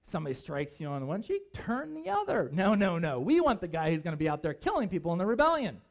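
A man preaching a sermon as pastor, emphatic and animated, with conversational asides. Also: sits high, fast, creaky.

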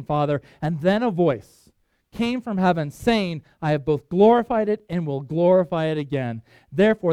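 A man preaching a sermon, reading scripture aloud with emphatic swings in loudness. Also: a little high, dry recording. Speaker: pastor.

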